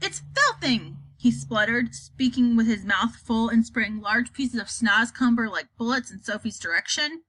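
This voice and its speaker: A woman narrating a children's novel in a calm, lowered storytelling voice. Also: normal speed, hardly any pauses, no echo. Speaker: audiobook reader.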